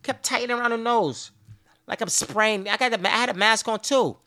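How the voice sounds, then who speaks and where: A podcast host delivers a casual ranting monologue in a high, brisk voice. He tells stories in an animated, profane way, complaining pettily and sounding exasperated.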